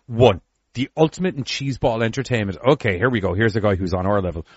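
A man's voice: on the low side, fast talker, breathy edge, no echo. A man co-hosting a podcast in casual chat, swearing and riffing animatedly. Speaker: podcast co-host. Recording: lo-fi dry recording.

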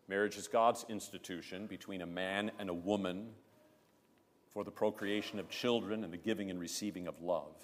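A male pastor delivering a sermon in a measured, emphatic way, pressing hard on key words. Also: lowish voice. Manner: emphatic, measured preaching with rising stresses. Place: church. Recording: long church reverb.

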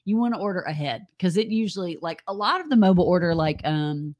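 A woman's voice: lowish voice, animated, quick pace, a little mellow. A woman co-hosting a live stream, chatting and telling stories, laughing often. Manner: chatty storyteller, laughs often, says y'all. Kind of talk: casual chat.

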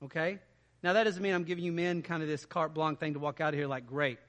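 A man preaching a sermon in a conversational way, dropping to quiet asides and rising to loud emphatic stretches. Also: a little high, fast, in a large hall. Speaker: pastor.

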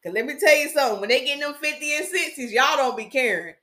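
A woman hair stylist hosting a podcast, telling stories about her clients in a casual, animated way and acting out their voices. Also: high voice, fast talker. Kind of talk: storytelling podcast talk.

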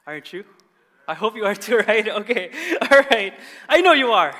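Male pastor, thirties, high bright voice, animated storyteller, long church hall reverb. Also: moderate pace. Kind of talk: sermon.

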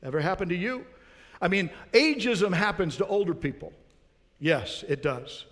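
A man's voice: sits high, lively intonation, normal speed, a bit bright, long reverb tail. A man preaching a sermon as pastor, earnest, putting rhetorical questions to his congregation.

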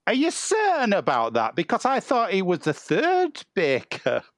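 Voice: mid-range voice, huge pitch swings, moderate pace, no room sound, clean studio sound. A performer improvising a meek, gullible new trainee baker who hesitates a lot. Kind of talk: improv comedy scene.

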